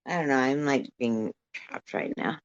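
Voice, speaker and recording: A woman's voice: rumbling low, normal speed, dry recording, dull audio. A woman chatting casually with friends on a livestream, mild and easygoing, avoiding arguments. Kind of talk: casual group chat on a livestream.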